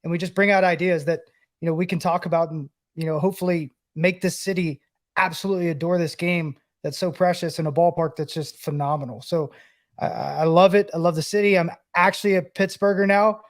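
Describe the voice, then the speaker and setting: A man from the Southeastern US co-hosts a casual podcast. His voice is quite high for a man, and he speaks earnestly and enthusiastically. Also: steady tone, a little fast. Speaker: podcast co-host, former baseball player.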